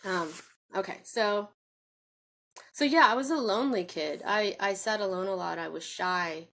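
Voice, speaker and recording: A woman's voice: medium pitch, normal speed, a bit bright. A woman telling a personal story to camera, rambling and circling back with many restarts and fillers in an earnest, confiding way. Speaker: vlogger. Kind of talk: personal spoken reflection.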